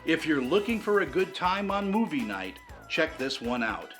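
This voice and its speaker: A man's voice: fairly high pitch, big pitch swings, moderate pace, fairly bright tone, soft background music. A man who is a film critic, delivering a scripted movie review with an upbeat, punchy delivery.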